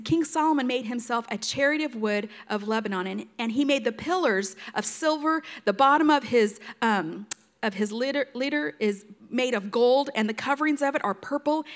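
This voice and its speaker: A woman teaching a Bible passage in a relaxed, conversational way, retelling the story in her own words with plenty of fillers. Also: fairly high pitch.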